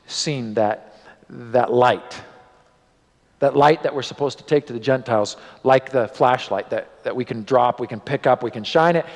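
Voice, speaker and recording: A male pastor telling a story in a sermon, animated, his voice rising and dropping for drama. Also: medium pitch. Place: church sanctuary. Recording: long church hall reverb.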